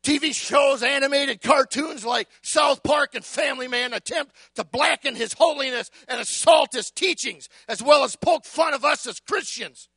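Man, very high pitched, sharp bright tone, fiery sermon, shouting, emphatic repeated lists. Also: dry recording. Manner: shouting, emphatic, building litanies; repeats words when starting a phrase. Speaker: preacher.

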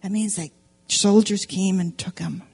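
A woman teaching Sunday school, telling a story to children in an animated, playful way and asking them questions. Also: medium pitch, measured pace, creaky, slightly rough. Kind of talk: storytelling demonstration lesson for children. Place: church classroom with children.

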